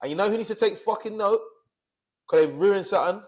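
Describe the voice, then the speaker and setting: A man tears through an angry rant at a rapid clip. His voice sits notably high, and he curses freely and keeps pushing his point as a podcast co-host. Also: breathy edge. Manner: angry, swearing, fired up. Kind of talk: heated casual rant.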